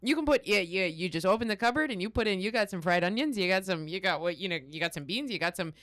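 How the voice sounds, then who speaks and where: A playful woman with a Minnesota accent, her pitch bouncing all over as she jokes. The sound is dry and close, with almost no room around her voice. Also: animated, quick pace, fairly bright tone, no room sound. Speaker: comedian guest. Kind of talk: casual podcast chat.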